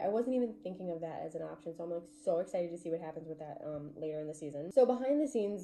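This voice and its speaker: A woman's voice: lowish voice, warm tone, a little hiss or hum. Chatty woman recapping a TV episode. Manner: chatty, gushing, heavy use of "like". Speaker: TV recap vlogger.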